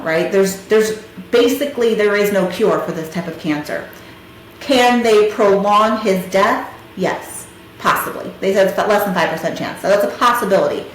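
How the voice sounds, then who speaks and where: A woman with a fairly low voice hosts a podcast, retelling a hard personal story in a conversational, emotional way and recounting past conversations with many fillers. The room is very echoey, with a little hiss or hum.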